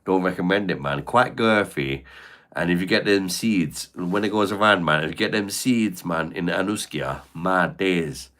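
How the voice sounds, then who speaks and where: Deep-voiced guy live streaming, swearing and joking around with chat. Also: moderate pace, a bit bright. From Britain. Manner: crude, joking banter full of slang and swearing.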